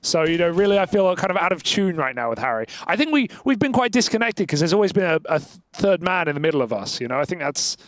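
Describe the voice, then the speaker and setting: A man's voice: sits high, very animated, quick pace, few pauses, dry recording. A man casting a live esports match, dryly joking with his partners before turning to analysis. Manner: dry, joking, then analytical. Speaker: esports caster. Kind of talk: live match commentary with banter.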